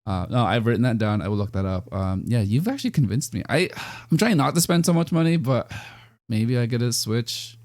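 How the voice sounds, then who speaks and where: A man's voice: medium pitch, animated, a little fast, darkish tone, dry recording, clean studio sound. A man hosting a casual podcast chat, talkative and self-deprecating, rambling a little as he thinks aloud. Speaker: podcast host.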